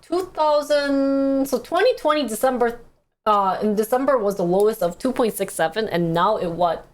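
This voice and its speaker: A young woman streaming live, reading news articles aloud and chatting casually with her viewers, often laughing and calling them guys. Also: a little high.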